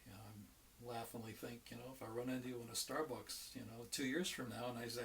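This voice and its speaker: A man's voice: medium pitch, fairly even intonation, fairly quick, creaky, distant mic, background noise. A man who is an economics professor, giving an informal, folksy online lecture with many fillers and restarts. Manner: chatty and folksy, tells jokes with acted quotes.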